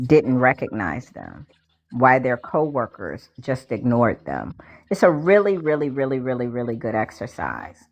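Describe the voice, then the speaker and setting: A woman host in casual chat, telling stories in an animated way and talking straight to her listeners. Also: very deep voice. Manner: animated storyteller, addresses listeners as y'all. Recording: dull lo-fi audio.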